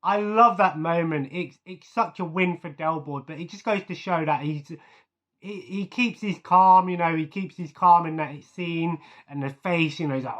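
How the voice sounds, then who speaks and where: A man talking in a loose, rambling way, filling his sentences with ums and little chuckles. His voice sits a touch higher than most men's. He sounds like he is chatting casually to his viewers. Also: moderate pace, a bit bright, highs cut off. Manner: rambling, chuckling, full of fillers. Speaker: vlogger. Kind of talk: casual chat.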